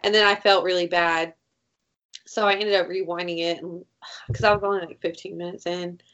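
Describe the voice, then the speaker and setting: A woman co-hosting a casual chat, telling stories in an animated way, acting out quotes and swearing freely. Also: lowish voice, moderate pace, dull audio.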